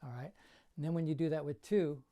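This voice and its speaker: Speaking briskly with a dark tone, an older man teaches juggling informally from a bedroom. His voice is mid-range, and he counts his throws out loud during the demonstration while coaching plainly and supportively.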